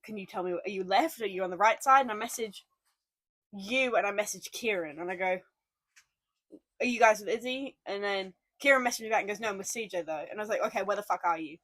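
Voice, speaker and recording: A woman's voice: medium pitch, fast, fairly bright tone, no echo. A young woman with an Australian accent, co-hosting a casual podcast and rambling through a story with swearing and sarcasm. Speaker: podcast co-host. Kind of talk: casual chat.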